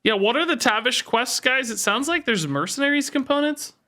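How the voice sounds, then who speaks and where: Sore and worn out from sport, this man streams his game and picks apart his own plays out loud, often repeating himself. His voice is very high-pitched and sharp, with lively intonation and a fairly quick pace.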